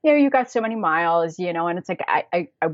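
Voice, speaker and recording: An American woman telling travel stories in a casual podcast interview, chatty and quick to laugh, with many fillers. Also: on the low side, expressive, dry recording. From United States. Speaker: guest, travel planner. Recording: dull, dry lo-fi audio.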